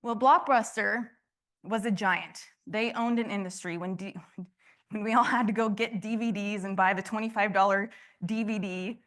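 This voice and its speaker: A woman's voice: mid-range voice, fairly even intonation, normal speed, a bit bright. A woman giving a conference talk to a room, passionate, often restarting and asking the audience questions. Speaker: conference speaker.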